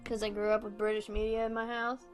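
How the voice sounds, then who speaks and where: A woman's voice: medium pitch, level tone, fast, soft background music. Rambling, giggly young woman streamer. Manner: rambling, laughs often, swears casually. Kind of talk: casual chat stream.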